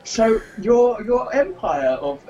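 A man's voice: extremely high pitch, big pitch swings, slow pace, highs cut off, crowd noise. A man co-hosting a casual chat, jokey and teasing, laughing often.

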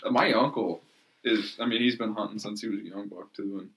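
A man co-hosting a podcast, telling stories in a relaxed way with casual swearing. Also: on the low side, fairly quick, slight background noise. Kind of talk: casual chat.

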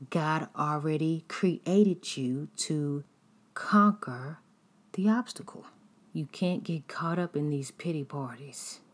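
A woman with a low, husky voice gives an earnest devotional sermon. She speaks slowly and deliberately, pressing her points with exhortation. She often drops into hushed, half-whispered phrases. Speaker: preacher.

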